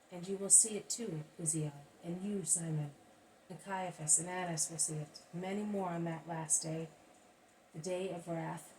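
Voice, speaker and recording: A woman's voice: fairly low pitch, dark tone. A woman reading as a grave, solemn male teacher. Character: calm, stern male teacher pronouncing judgment. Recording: distant mic, faint background hiss.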